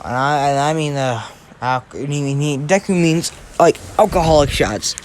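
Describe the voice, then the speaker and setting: A man's voice: fairly high pitch, moderate pace, a little hiss or hum. A man casually telling an improvised story, rambling with many fillers and restarts.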